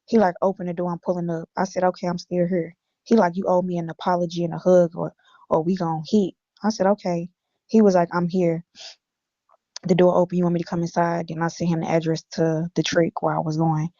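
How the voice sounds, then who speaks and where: A woman's voice: lowish voice, little pitch movement, brisk, mellow, no room sound. A woman from Illinois bluntly reading her text messages aloud on a stream, with a lot of profanity. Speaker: guest recounting text messages. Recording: dull lo-fi audio.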